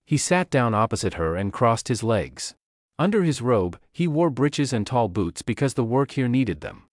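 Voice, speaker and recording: Casting: male audiobook narrator for learners, clear and plain, lively pitch, dry close sound. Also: normal speed, no room sound.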